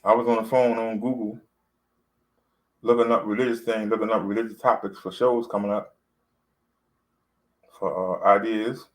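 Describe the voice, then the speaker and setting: A man's voice: on the low side, little pitch movement, normal speed, pauses often, low-quality recording. A man, talking to camera in a loose, rambling vlog, full of fillers and repeats. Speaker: vlogger. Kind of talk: casual talk to camera.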